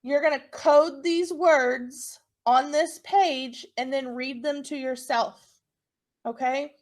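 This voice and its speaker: A woman teacher giving a recorded phonics lesson to young children, encouraging them and sounding out words slowly. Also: high voice, steady tone.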